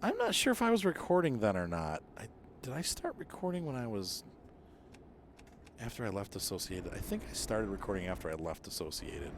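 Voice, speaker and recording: A middle-aged man with a fairly low voice, talking loosely as he plays. He wanders through his story, correcting himself and trailing off. A faint hum sits behind him. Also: very animated, brisk, creaky. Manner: meandering, lots of fillers and self-corrections. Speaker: gaming channel host. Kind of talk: casual rambling monologue while gaming.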